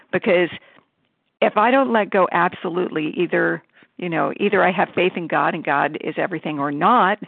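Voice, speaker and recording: A woman speaks reflectively at a recovery meeting in a loose, conversational way. Her voice is gravelly with lots of fry. It sounds dry and tinny, like a phone call. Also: on the low side, dry recording. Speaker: meeting participant sharing.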